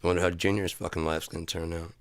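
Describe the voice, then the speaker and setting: Deep-voiced man in a sarcastic rant. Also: little pitch movement, fast talker, clear, resonant tone, no room sound. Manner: profane, mocking, slips into put-on voices. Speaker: comedic commentator.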